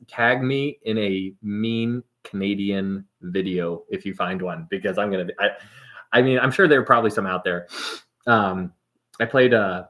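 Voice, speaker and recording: A man's voice: on the low side, a bit bright. A man hosting a casual livestream and reading out viewer comments. He rambles, laughs often and trails off mid-sentence. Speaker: livestream host.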